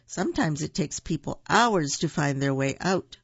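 A storyteller voicing a kindly older gentleman who speaks gently and slowly, gravelly, in a dull, dry recording. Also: mid-range voice, animated, no room sound.

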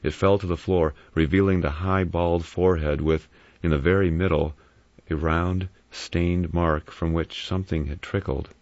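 A man narrating an audiobook in a steady, grave reading. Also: sits low, moderate pace, no room sound. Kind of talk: scripted narration. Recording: dry, muffled recording.

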